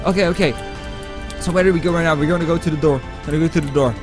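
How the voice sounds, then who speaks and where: A man's voice: on the high side, steady tone, rapid-fire, over music. A man giving gameplay commentary as a YouTuber, panicky and stammering. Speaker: gaming YouTuber.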